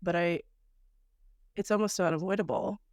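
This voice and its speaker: A woman's voice: fairly low pitch, steady tone, moderate pace, darkish tone, no echo, studio quality. A woman co-hosting a podcast in casual chat, reflective and chatty, laughing often. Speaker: podcast co-host.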